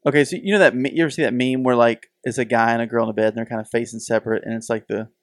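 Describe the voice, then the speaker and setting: A middle-aged podcast co-host speaks at a racing pace in a medium-pitched voice, recorded at studio quality with no echo. During casual chat he tells stories animatedly and acts out the voices.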